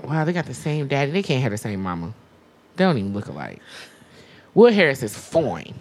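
A woman in her thirties co-hosting a podcast, chatting casually in an animated, emphatic way and swearing freely. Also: very deep voice, brisk. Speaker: podcast co-host. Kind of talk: casual chat.

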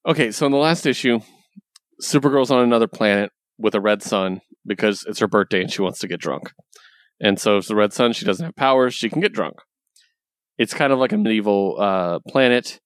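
Laid-back man, low voice, dry sound. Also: fairly quick, dry recording. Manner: animated storytelling, laughs often, swears casually. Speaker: podcast co-host reviewing comics. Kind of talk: casual chat.

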